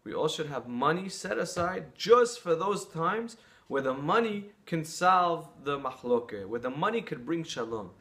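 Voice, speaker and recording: A man's voice: fairly high pitch, very animated, a little slow, a bit bright. A man preaching an earnest sermon, telling stories and drawing lessons from them. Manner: earnest, storytelling, with some restarts.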